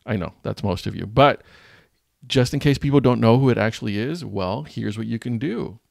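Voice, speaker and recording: A man's voice: mid-range voice, lively intonation, moderate pace, creaky, dry recording, clean studio sound. A man who teaches, talking through a screen-recorded design tutorial in a jokey, self-mocking way while he thinks aloud. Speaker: teacher and channel host.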